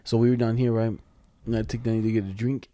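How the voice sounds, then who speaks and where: A man's voice: fairly low pitch, little pitch movement, quick pace, dark tone, no room sound. Slangy young man telling stories. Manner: slangy storytelling, acts out quotes. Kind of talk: casual chat.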